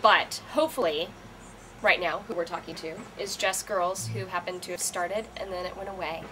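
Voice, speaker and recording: A woman's voice: lowish voice, steady tone, normal speed, sharp tone, slight background noise, low-quality recording. A middle-aged woman co-hosting an advice chat, explaining things in a reassuring, motherly way. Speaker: co-host giving advice.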